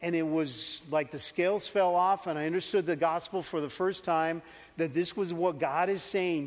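A man with a high voice preaches and tells a story from his own life, acting out the scenes as he goes. His voice rings through a large church hall with a long echo. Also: normal speed. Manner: animated storytelling, acts out his younger self. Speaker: pastor. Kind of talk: sermon with personal story.

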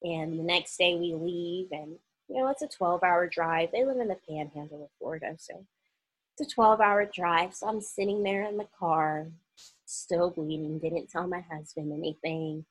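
A woman's voice: on the low side, moderate pace, slightly rough, rough recording. A young woman from Oklahoma telling a personal story in a casual vlog, acting out the voices of the people she quotes.

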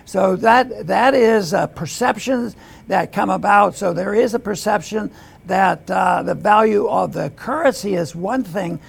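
An older man hosting an economics talk, speaking haltingly with restarts and throat clearing. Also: sits high. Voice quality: gravelly, husky. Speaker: host. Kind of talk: economics commentary.

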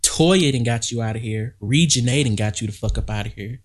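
A woman's voice: rumbling low, a little fast, darkish tone. A woman co-hosting a casual gossip podcast, blunt and slangy as she tells the story. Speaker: podcast co-host.

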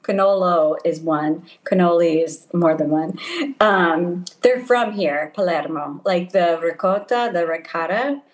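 A middle-aged woman missionary talking casually as an interview guest, laughing often and filling pauses with ums. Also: on the low side, poor audio. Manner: warm, laughs often, many ums and restarts. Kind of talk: casual conversation. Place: home in Italy, over a call.

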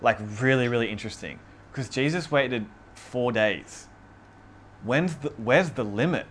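A man leading an informal Bible study, teaching in a relaxed, chatty way with many fillers. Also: mid-range voice, unhurried, slight background noise. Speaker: youth group or Bible study leader. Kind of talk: casual conversational teaching on scripture.

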